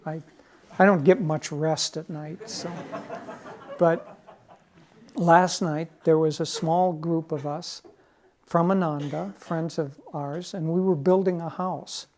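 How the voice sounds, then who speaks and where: A man's voice: on the high side, fairly even intonation, slow, darkish tone. A man as spiritual teacher giving a conversational, lightly humorous talk.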